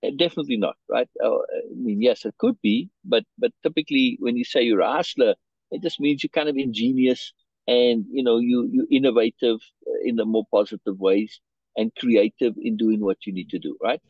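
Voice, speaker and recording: A man's voice: mid-range voice, a little fast, breathy edge, dry recording, lo-fi sound. A man reading a story aloud and explaining it to a learner, checking in often and restarting his phrases. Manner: restarts and repeats words. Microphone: video call.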